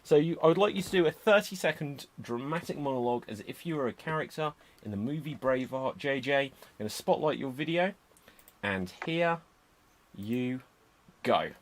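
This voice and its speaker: A man hosting a live online improv comedy show, giving brisk, upbeat instructions over a video call. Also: medium pitch, lively intonation. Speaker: host.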